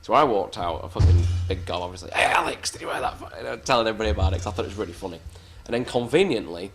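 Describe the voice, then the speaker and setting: A man with a fairly low voice spins wrestling stories in a loose, casual way. He is blunt and swears freely, often poking fun at himself. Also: racing, soft background music. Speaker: professional wrestler interviewee. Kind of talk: casual anecdotal storytelling.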